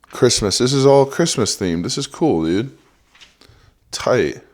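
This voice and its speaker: A man's voice: medium pitch, animated, slow, darkish tone. A young man hosting a solo comedy podcast, swearing a lot and mocking what he reads in a sarcastic rant. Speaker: podcast host.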